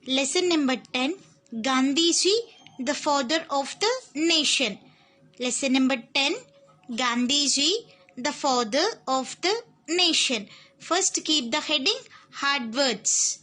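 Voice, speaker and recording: Slow, bright-voiced woman teacher. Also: high voice. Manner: spells words letter by letter, repeats each word. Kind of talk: online class lesson.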